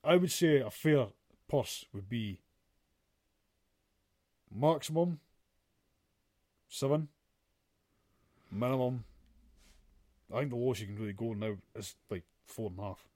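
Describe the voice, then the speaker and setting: A man's voice: medium pitch, measured pace, long pauses, darkish tone, no echo, studio quality. Sweary, ranting male podcast co-host. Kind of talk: casual chat.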